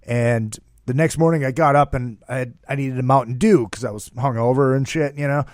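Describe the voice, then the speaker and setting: A man hosting a casual interview show, telling stories in an animated way and swearing freely. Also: medium pitch, brisk, dry recording, clean studio sound. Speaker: radio show host.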